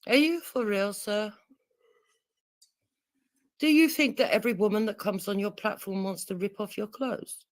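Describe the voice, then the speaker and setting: A British woman calling in to a live show, answering a hostile host in a calm, curt, defensive way. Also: medium pitch, moderate pace, pauses often, dry recording. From United Kingdom. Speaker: caller. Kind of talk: call-in argument.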